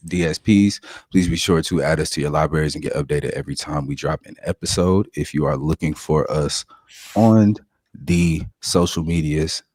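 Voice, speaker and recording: A very deep-voiced American man hosting a casual podcast. His voice is husky, and it sits dry and close. His manner is laid-back as he hypes up the crew. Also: normal speed, a little mellow, dry recording. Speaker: podcast host.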